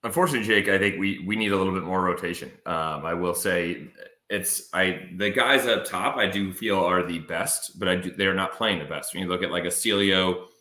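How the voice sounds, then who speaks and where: A bright, forward-sounding man with a Midwest accent, fairly low in pitch. He chats with a podcast co-host, jokey and full of "like", in a roomy space. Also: fairly quick. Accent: American Midwest. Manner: lively, lots of "like", jokey. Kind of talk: casual sports podcast chat with ad reads.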